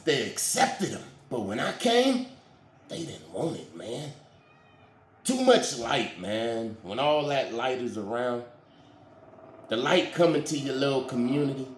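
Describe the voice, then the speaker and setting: Animated slangy man preaching in an echoey room. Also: mid-range voice. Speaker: spiritual commentator. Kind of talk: casual spiritual commentary.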